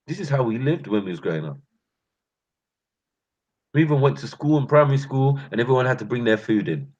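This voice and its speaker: At medium pitch and a fairly quick pace, with long pauses, a man from North London tells street stories in his London accent. The channel host's casual monologue is laughing, slangy and animated, heard through a dull lo-fi recording.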